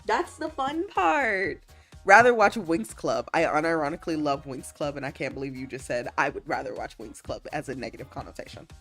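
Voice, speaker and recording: A woman's voice: very deep voice, quick pace, hardly any pauses, breathy edge, faint music behind. A woman livestreamer in a casual chat, laughing often and teasing as she reads chat messages aloud and answers them. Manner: playful, teasing, animated.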